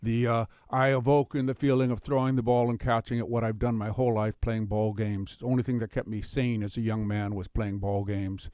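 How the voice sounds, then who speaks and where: Halting, animated male storyteller. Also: mid-range voice, clean tone, no room sound, clean studio sound. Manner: halting, restarts, animated when telling. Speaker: storyteller guest. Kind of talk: interview with told stories.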